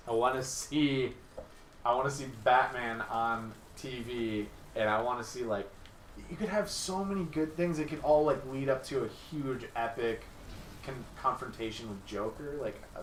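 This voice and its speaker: Enthusiastic young male podcast host, bright sharp tone, rambles, distant mic in an echoey room. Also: medium pitch, slight background noise. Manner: enthusiastic, rambling, quick to laugh. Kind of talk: casual podcast chat.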